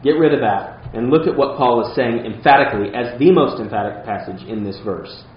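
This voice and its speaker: A man's voice: mid-range voice, fairly quick, lo-fi sound, a little hiss or hum. Earnest man preaching in a roomy hall. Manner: earnest, emphatic preaching with conversational asides. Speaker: pastor. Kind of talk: sermon.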